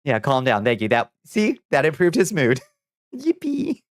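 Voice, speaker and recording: A man's voice: medium pitch, sing-song, moderate pace, dry recording. A man streaming live, chatting casually with viewers, laughing often and swearing offhandedly. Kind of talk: casual livestream chat.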